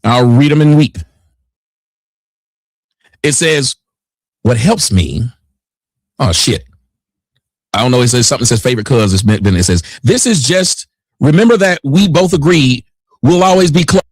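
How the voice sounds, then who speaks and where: A man reacting to a video with mocking commentary, jumping into high squeals. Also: expressive, moderate pace, pauses often, no echo. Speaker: clip reactor.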